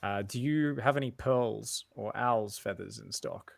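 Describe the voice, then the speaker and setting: A man playing a formal young wizard, gravelly. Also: on the low side, no room sound. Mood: polite. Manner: stiff, polite, measured.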